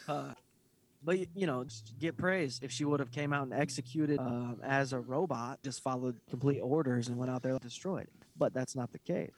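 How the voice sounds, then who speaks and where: A man's voice: mid-range voice, moderate pace. A man co-hosting a casual podcast about fights, talking hesitantly and searching for words. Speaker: podcast co-host. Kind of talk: casual fight-talk chat.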